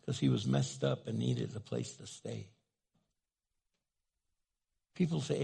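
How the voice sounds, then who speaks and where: A man preaching a sermon with a heavily gravelly, raspy voice. He tells stories on himself with a self-mocking tone and acts out short exchanges as he goes. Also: medium pitch, measured pace, pauses often, warm tone. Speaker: pastor.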